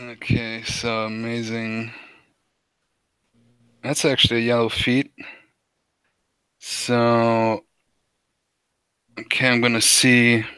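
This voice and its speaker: A man's voice: medium pitch, monotone, takes it slowly, long pauses, sharp tone, smooth, dry recording. A young man running a tabletop game in a casual, easygoing way. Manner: casual, easygoing, laughs often. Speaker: game master.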